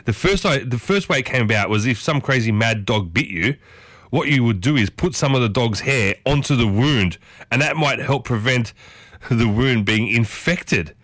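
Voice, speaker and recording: A man's voice: mid-range voice, animated, normal speed, fairly bright tone, no room sound. A chatty man hosting a radio show and tossing questions out to his listeners. He fumbles a little over foreign phrases but keeps talking. His voice sits close and dry in the studio. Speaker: radio host. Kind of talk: casual on-air chat. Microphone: studio microphone.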